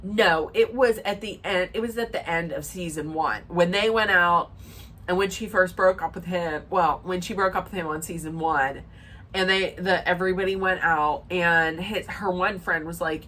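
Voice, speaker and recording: A woman's voice: fairly low pitch, normal speed, fairly bright tone, a little hiss or hum. A woman giving a chatty, opinionated recap rant, emphatic and rambling with sarcastic asides. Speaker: reality TV recap vlogger.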